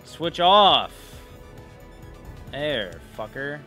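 A man's voice: fairly high pitch, very slow, faint music behind. A man giving casual gameplay commentary, swearing and trash-talking the bosses. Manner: profane, excitable, trash-talks bosses. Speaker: gaming video creator.

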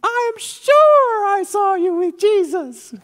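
A man voicing a timid young slave girl, politely insistent, in a high squeaky falsetto. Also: expressive, slow pace, a bit bright, full character voice. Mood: prying. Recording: reverberant church hall.

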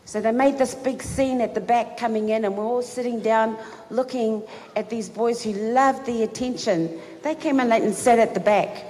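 Excited woman telling a story in a reverberant hall. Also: on the high side, normal speed. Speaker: eulogy speaker. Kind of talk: personal story at a funeral. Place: funeral service hall. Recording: reverberant hall, faint background noise.

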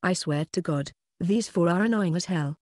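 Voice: mid-range voice, moderate pace, no room sound, close to an everyday voice. A narrator voicing an irritable young male chef who snaps blunt orders, in a dry close recording.

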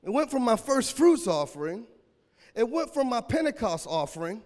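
High-voiced preacher man, aave, goes quiet then shouts, voice cracking, big echoey hall. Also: sing-song, normal speed. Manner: preaching with call-and-response and sudden shouts. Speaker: pastor. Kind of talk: sermon.

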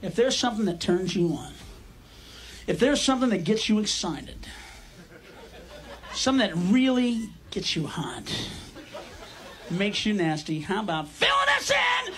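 A man ranting brashly and profanely at a live audience, yelling his demands. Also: high voice, wildly swooping pitch, measured pace, pauses often, heavy background noise. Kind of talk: live stage comedy rant. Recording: live show with loud crowd and music.

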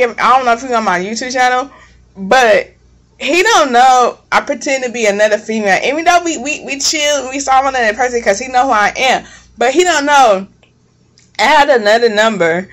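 A woman's voice: a little high, brisk, a bit bright. A young woman vlogger telling a long story in a casual, blunt and profane way, rambling as she goes. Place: home kitchen.

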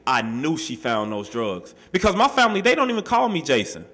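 Bright-voiced man telling his own story. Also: fairly high pitch, brisk. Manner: casual, street-style speech, full of "you know" and "man"; animated, acts out quoted voices. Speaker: speaker sharing his life story at a workshop. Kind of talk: personal storytelling to an audience.

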